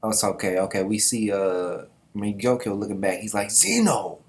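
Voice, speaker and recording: A man hosts a casual manga reaction and comments in loose slang. He often breaks into laughing asides. His voice sits on the low side. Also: flat delivery, brisk, a little mellow.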